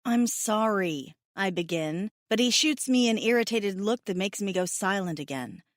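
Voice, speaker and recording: A woman narrates a first-person romance audiobook at a middling pitch and normal speed, her delivery animated, emotive and self-mocking, leaning tearful. The recording is dry and close, with no room sound.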